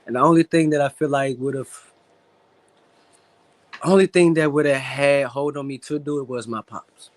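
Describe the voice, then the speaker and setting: A man's voice: medium pitch, steady tone, normal speed, long pauses, no echo. A man, a professional boxer, talking candidly and with blunt profanity as an interview guest, emotional when he speaks about his late father. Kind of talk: casual interview talk.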